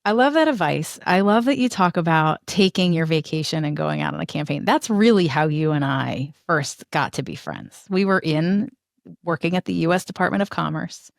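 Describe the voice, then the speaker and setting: A middle-aged woman from the Northeast US hosting an interview podcast, reminiscing warmly and laughing easily. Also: sits low, animated, normal speed, creaky, no echo, clean studio sound. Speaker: podcast host. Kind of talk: conversational interview.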